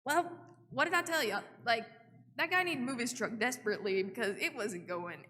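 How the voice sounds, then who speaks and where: A woman's voice: a little high, a little fast, bright, forceful tone. A young woman, telling a missionary story to a church and acting out her own quotes with lots of "like.". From Oklahoma. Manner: chatty, acts out her own quotes, many "like" fillers. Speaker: missionary giving a report. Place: church sanctuary. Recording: reverberant church hall.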